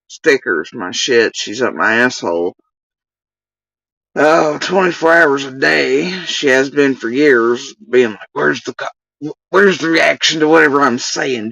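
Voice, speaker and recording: A woman's voice: a bass voice, fairly bright tone, no room sound, distant mic, rough recording. A woman ranting heatedly on a livestream, swearing often as she vents. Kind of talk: livestream rant.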